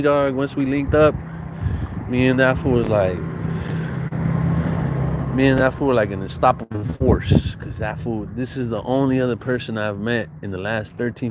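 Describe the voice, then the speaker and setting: Young adult man, lowish voice, loose profane storyteller who acts out quotes, light background hiss. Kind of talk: casual storytelling.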